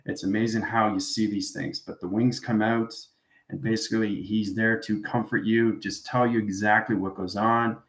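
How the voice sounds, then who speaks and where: A man's voice: on the low side, little pitch movement, normal speed, fairly bright tone. A man teaching an informal spiritual class, rambling and tagging his statements with "right?" as he goes. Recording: roomy echoey room.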